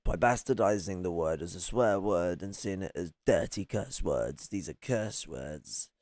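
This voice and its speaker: A man's voice: low-pitched, expressive, measured pace, a little mellow, dry recording. A man reacting to a video in casual commentary, mocking, swearing freely and often laughing.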